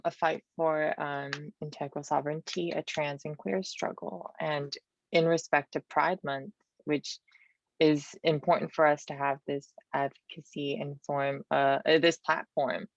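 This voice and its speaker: A woman with a raspy, gravelly voice speaks in a thoughtful, searching way, often pausing on "um" and restarting her phrases as she talks about her poetry and reads it aloud. The sound is a dull, dry video-call recording with no room around it. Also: low voice, dry recording. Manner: thoughtful, searching for words, many ums and restarts. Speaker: poet and activist guest. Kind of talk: interview answers and poetry reading.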